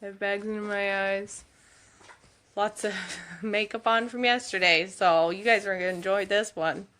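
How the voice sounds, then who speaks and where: A woman's voice: mid-range voice, fairly even intonation, measured pace, fairly bright tone, slight background noise. A woman, a mother of school-age kids, chatting in a rambling way to her followers and laughing now and then as she tells a story. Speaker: vlogger updating followers on her husband. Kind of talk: casual storytelling vlog.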